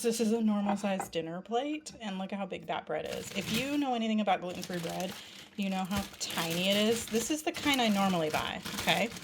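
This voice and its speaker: A woman's voice: fairly low pitch, noisy background. A woman, chatting casually in a home vlog from her kitchen, rambling with fillers and a little out of breath. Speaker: vlogger. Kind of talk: casual chat. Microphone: handheld phone camera.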